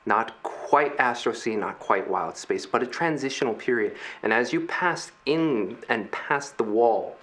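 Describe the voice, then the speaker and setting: Slow, bright-voiced game master. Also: male voice, mid-range voice, animated, a little hiss or hum. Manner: slow, measured scene-setting with pauses. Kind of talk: narrating a tabletop game.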